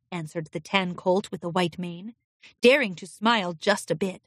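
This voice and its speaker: A woman narrating a children's storybook in an expressive, animated way. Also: fairly low pitch, moderate pace, no echo, studio quality. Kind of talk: storybook reading.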